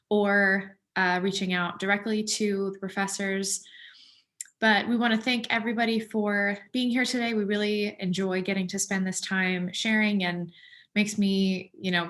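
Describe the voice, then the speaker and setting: A woman's voice: mid-range voice, a bit bright. Casual: admissions lady wrapping up a webinar call, friendly and upbeat. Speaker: admissions host. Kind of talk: webinar hosting.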